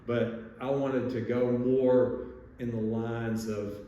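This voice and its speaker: A man hosts a casual podcast, rambling through anecdotes with restarts and chuckles. His voice is mid-pitched. It echoes heavily in a room with faint background noise. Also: flat delivery, takes it slowly, dark tone, far from the mic, highs cut off. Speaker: podcast host, surgeon. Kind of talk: casual chat, storytelling.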